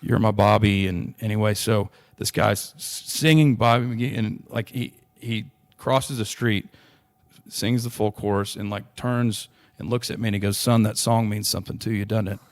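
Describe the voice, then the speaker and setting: A man's voice: lowish voice, moderate pace, dry recording. Earnest man telling a story. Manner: earnest, animated storytelling with many restarts. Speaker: interview guest. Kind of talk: storytelling in a podcast interview.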